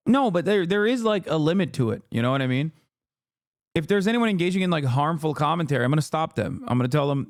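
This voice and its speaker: A man's voice: on the high side, animated, fast talker, no echo, studio quality. A man streaming live, ranting with heated, profane commentary on a clip he is reacting to.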